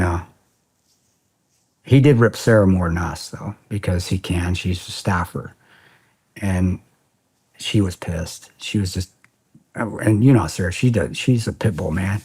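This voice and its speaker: A man in his forties, a podcast guest, telling a story in a casual interview in a blunt, profane, animated way with lots of quoted dialogue. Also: low-pitched, husky. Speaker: podcast guest, former security contractor.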